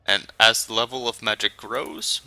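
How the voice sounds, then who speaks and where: A man voicing a grave male dragon's envoy in a video game, with an attempted German accent and slow, drawn-out words. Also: on the low side, fairly even intonation, pushed and bright, dry recording, poor audio. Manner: slow, drawn-out, relishing each word.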